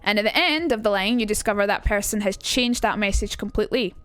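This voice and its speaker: A young Glaswegian woman teaches casually on a live stream, chatting and swearing as she reads out her chat. Her voice sits at a middling pitch for a woman. The sound is dry and close, with faint music behind her. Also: quick pace, fairly bright tone, dry recording. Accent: Glaswegian Scottish.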